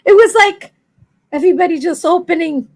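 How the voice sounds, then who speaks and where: A woman with a high voice, chatting casually on a livestream. She tells lively stories, acts out bits of dialogue and laughs often. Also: fairly quick. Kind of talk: casual chat.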